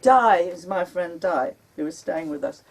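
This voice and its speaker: A woman author reading her memoir aloud at a bookshop launch, unhurried and turning dramatic when she quotes her past self. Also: on the low side, expressive. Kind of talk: live reading of memoir prose. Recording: recorded from a distance.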